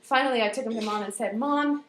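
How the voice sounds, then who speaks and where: A woman telling a personal story aloud in an animated way, dropping to whispers and rising to loud outbursts. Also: a little high, racing, roomy sound, noisy background.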